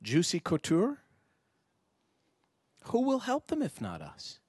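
Husky, animated man giving a talk. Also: high voice, takes it slowly, no room sound, clean studio sound. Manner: rhetorical, animated, acts out dialogue. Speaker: speaker addressing parents. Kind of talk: lively public talk with audience exchange. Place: indoor venue before an audience.

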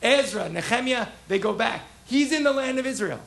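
A man teaching a text class as a rabbi, animated, asking the class questions and acting out the prophets' voices. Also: very high-pitched, moderate pace, vocal fry. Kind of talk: interactive text lesson.

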